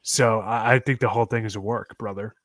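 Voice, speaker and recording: A man's voice: on the low side, fairly even intonation, a little fast, a bit bright, no room sound. Wry young podcast man, dry sound. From Long Island, New York. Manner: wry, joking, wrestling slang. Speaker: podcast co-host. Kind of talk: casual chat.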